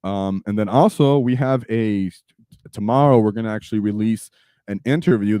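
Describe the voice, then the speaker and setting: American male stream host, chatty and easygoing, lowish mellow voice, dry sound. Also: clear, resonant tone, no room sound. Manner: chatty, reads viewer comments aloud. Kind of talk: casual live stream chat.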